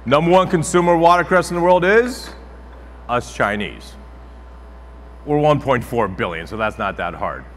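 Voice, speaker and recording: A man's voice: medium pitch, very animated, normal speed, pauses often, slight background noise. A chef talking a crowd through a live cooking demonstration, chatty and joking as he goes. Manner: joking, chatty, audience-engaging. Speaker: celebrity chef. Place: trade show demo stage. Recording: echoey hall with faint ambience.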